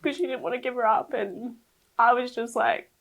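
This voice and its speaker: A young woman appears as a podcast guest and recounts her birth story with candor and emotion, her speech packed with fillers and quoted lines. Her voice sits fairly high with some vocal fry, moving at an ordinary pace, and the recording quality is rough.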